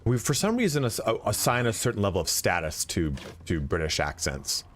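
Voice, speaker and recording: Deep-voiced man rambling casually. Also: very animated, a little fast, a bit bright, slight background noise. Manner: rambling, profane, lots of fillers and restarts. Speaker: game streamer. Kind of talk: casual chat while playing. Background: faint game music.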